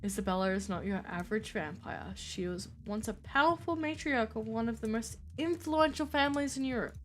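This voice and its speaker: A woman plays a steady male mentor in a game, measured and reassuring. She pitches it somewhat lower than her own voice, with faint music behind. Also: lightly acted. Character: calm wise male mentor therapist.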